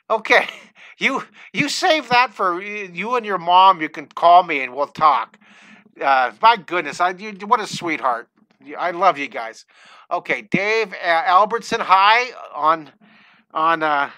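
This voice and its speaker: An older man, a drawing teacher, greeting viewers by name in a live online lesson, excitable and scattered, talking into a headset mic at home. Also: sits high, unhurried, dry recording. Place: home studio.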